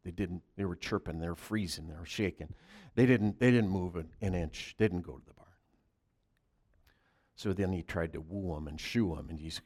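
A man telling a Christmas Eve story as a preacher, in a soft, halting way that drops to a hush. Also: deep voice.

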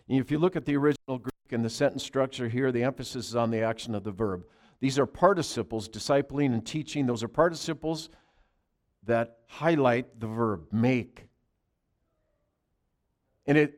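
A male pastor preaching a sermon, pressing key phrases hard and then dropping into quiet asides. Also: mid-range voice.

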